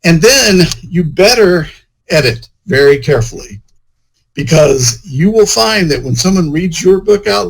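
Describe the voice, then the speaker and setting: A man's voice: medium pitch, rough recording. A man, an author, chatting casually in an interview, rambling and full of "you know" fillers. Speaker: author and guest.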